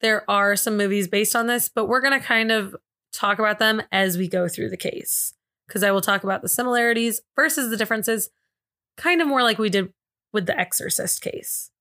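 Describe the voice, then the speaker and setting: A woman from Indiana co-hosts a true crime podcast and presents the case in a chatty, joking manner, laughing often. Her mid-range voice has a sharp tone and moves a little fast.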